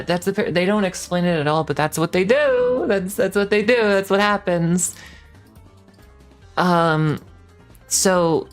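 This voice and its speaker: A woman streamer casually retelling a game's story, rambling with lots of "like" and frequent swearing. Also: deep voice. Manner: rambling, heavy filler 'like', frequent swearing. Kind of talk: casual game plot recap.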